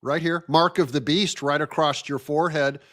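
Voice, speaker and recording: A man's voice: fairly high pitch, fairly even intonation, normal speed, fairly bright tone. A man hosting a commentary show, reacting to video clips with sarcastic, mocking remarks. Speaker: show host.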